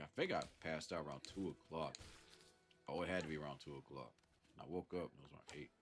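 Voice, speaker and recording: Southern guy streaming, real deep voice, stuffy nose, easygoing, chuckles a lot, faint music behind. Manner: laid-back, chuckles often, thanks chatters. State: congested from a sinus infection. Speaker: live streamer. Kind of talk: casual live-stream chat.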